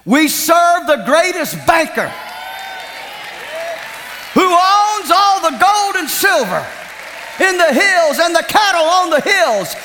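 A man with a Southern American accent, a television evangelist preaching and appealing for support in a fervent, shouting manner. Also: extremely high pitch, sing-song, slow pace, long pauses, slight background noise. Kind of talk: sermon and fundraising appeal. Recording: reverberant hall, faint crowd.

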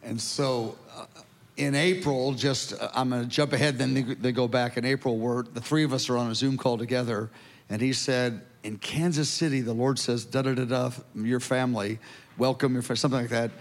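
A man's voice: medium pitch, steady tone, normal speed. A man moderating a panel discussion in a conversational way, prompting the guests to speak. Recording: long hall reverb.

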